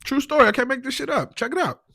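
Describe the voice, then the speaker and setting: A man telling his own story as a podcast guest, animated and emotional, full of "like" and "you know what I'm saying". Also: extremely high pitch, quick pace, vocal fry, dry recording. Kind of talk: casual storytelling.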